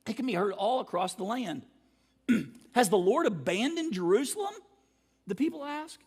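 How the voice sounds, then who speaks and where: A man preaching a sermon as pastor, talking in a casual, conversational way and clearing his throat now and then. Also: high voice, animated, moderate pace. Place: church sanctuary. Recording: long church hall reverb.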